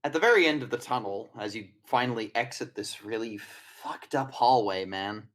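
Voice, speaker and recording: A man's voice: mid-range voice, animated, moderate pace, a bit bright. Man, game master, casual rambling narration, tabletop game. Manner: casual, rambling, swears, many fillers.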